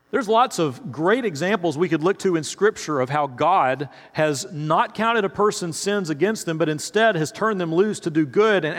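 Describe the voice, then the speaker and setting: A man's voice: high-pitched, fairly bright tone. A male pastor preaching a sermon in a conversational, storytelling way, speaking straight to his listeners. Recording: reverberant hall.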